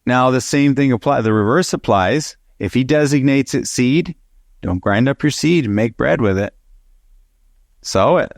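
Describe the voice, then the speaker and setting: Animated man telling a Bible story. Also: mid-range voice, measured pace, no room sound, studio quality. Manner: animated storyteller who acts out dialogue and laughs. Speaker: Bible teacher. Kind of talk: storytelling Bible study talk.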